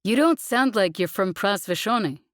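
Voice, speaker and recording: A woman's voice: mid-range voice, expressive, normal speed, dry recording, pitched above the performer's own voice, natural voice. A woman voicing a weary, wisecracking female demolition crew leader in an audiobook. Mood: wry. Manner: dry, joking about bureaucracy.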